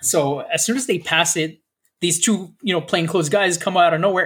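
A man with a high, somewhat husky voice talks in a loose, casual chat. He rambles through a story, stacking fillers and slipping into the voices of the people he describes. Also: moderate pace, a bit bright. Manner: rambling storyteller, acts out quoted officers, many fillers.

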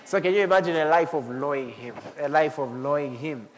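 A man preaching a sermon as pastor, animated, swinging up to shouts and laughing with the congregation. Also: on the high side, fairly quick. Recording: long hall reverb.

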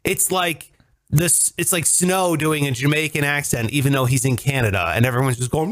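A man's voice: on the high side, animated, moderate pace, a bit bright. A man from Ohio co-hosting a podcast, talking in a loose, profane, ranting way. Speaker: podcast co-host. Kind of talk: casual chat.

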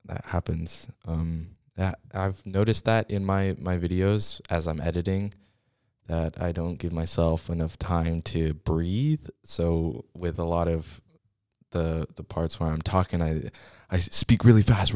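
A man's voice: low voice, a little mellow, dry recording. A young man hosting his own podcast from a school studio, chatting casually and rambling, often running out of breath as he talks. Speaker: podcast host. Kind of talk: casual solo podcast chat. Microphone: studio microphone.

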